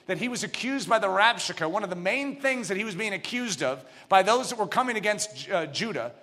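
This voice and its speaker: A man preaching a sermon in a church, dramatic, dropping to near whispers and rising to shouts. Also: high-pitched, lively intonation, brisk, in a large hall. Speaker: pastor.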